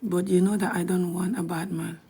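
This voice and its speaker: A woman's voice: fairly low pitch, little pitch movement, normal speed, gravelly, dark tone, breathy edge. A young woman with a Gambian accent chatting bluntly on a live video, laughing often and dropping to a whisper at times. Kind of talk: casual live-stream chat.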